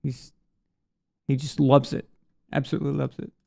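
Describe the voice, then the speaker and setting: Gravelly-voiced man hosting a sports stream. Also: mid-range voice, level tone, normal speed, mellow. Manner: rambling, reads viewer messages aloud. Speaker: sports show host. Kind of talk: casual live-stream chat.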